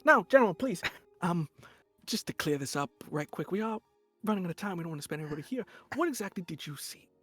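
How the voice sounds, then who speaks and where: Man playing a composed woman counselor, formal courtroom tone, higher voice, faint music. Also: lively intonation, quick pace, sharp tone, full character voice.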